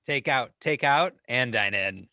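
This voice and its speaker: A man's voice: mid-range voice, expressive, unhurried, sharp tone, no echo. A man co-hosting a comedy podcast, making dry asides and introducing the next reading. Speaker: podcast co-host. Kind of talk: casual comedic chat.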